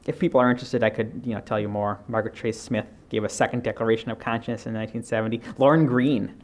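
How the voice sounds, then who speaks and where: A man's voice: fairly low pitch, fairly even intonation, quick pace. A man giving a keynote lecture on political history, reading out quotes and speaking with frequent fillers and restarts. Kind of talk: academic lecture. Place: lecture hall.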